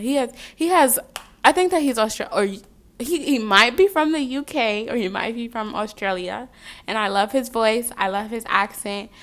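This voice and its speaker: A young woman giving a casual tarot reading, chatty and rambling, drifting off on tangents between the cards. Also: on the high side. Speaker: tarot card reader.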